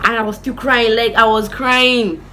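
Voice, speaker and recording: Animated young Nigerian woman telling a story. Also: on the high side, normal speed, noisy background. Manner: animated, dramatic retelling mixing in pidgin words. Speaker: vlogger. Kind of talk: storytime vlog.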